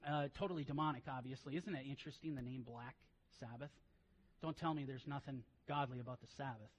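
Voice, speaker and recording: A man preaching a sermon as pastor, telling stories in quiet asides and then rising into loud, emphatic preaching. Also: medium pitch, quick pace, rough recording.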